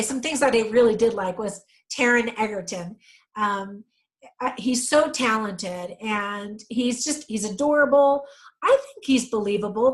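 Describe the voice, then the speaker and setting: A woman's voice: mid-range voice, rough recording. A middle-aged woman giving a casual movie review, chatty and full of ums, correcting herself as she goes.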